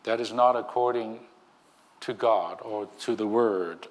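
A male minister delivering a sermon at an unhurried pace. He is emphatic and often restarts his phrases. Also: lowish voice. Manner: slow, emphatic preaching with many restarts.

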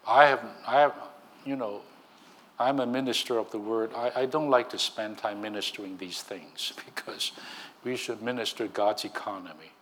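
A man's voice: fairly low pitch, normal speed, fairly bright tone. A man preaching a sermon as a minister, emphatic, with frequent restarts.

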